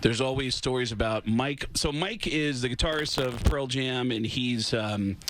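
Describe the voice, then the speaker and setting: A man's voice: medium pitch, unhurried, fairly bright tone. A man nearing fifty, a comedian guest on a radio show, telling long rambling stories with lots of ums and uhs. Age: 40s. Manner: rambling anecdotal delivery with many fillers. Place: radio studio.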